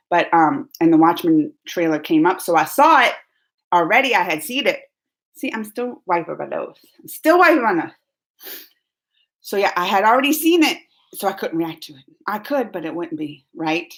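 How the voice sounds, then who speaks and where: A woman from New Orleans with a Southern accent, chatting casually and giggling as she reads viewer comments on her live stream. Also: lowish voice. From New Orleans, Louisiana, US. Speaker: YouTube host.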